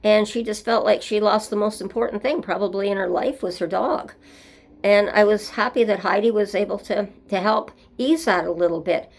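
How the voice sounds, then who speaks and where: A woman talks straight to her listeners in a gravelly, creaky voice. She wanders from thought to thought in an earnest storytelling manner, hosting a reflective solo show. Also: medium pitch, moderate pace. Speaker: host.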